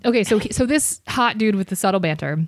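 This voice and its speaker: A woman chatting as a podcast guest, spinning animated stories with quick asides and sudden jumps in energy. Her voice sits in a middle range. The sound is dry and close, with no room around it. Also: medium pitch, dry recording. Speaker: podcast guest, bartender and comedy club server. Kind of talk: casual podcast chat.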